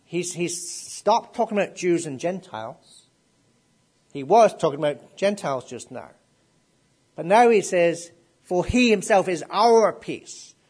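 A middle-aged man delivers a sermon in a voice pitched a little above most men's. He keeps asking his listeners questions and then lands on emphatic declarations. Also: animated, unhurried, a little mellow, husky. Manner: asks the congregation questions, rises to emphatic declarations. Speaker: preacher.

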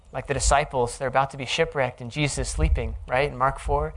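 A man's voice: medium pitch, fairly even intonation, quick pace, few pauses, fairly bright tone. A man teaching a sermon on a psalm, earnest and reflective, explaining the text. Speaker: Bible teacher.

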